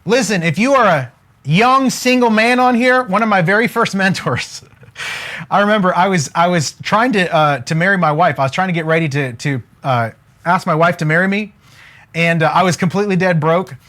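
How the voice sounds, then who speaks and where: A man coaching on wealth during a live stream, energetic and casual, joking and preacher-like as he keeps asking viewers to comment. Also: high-pitched, moderate pace.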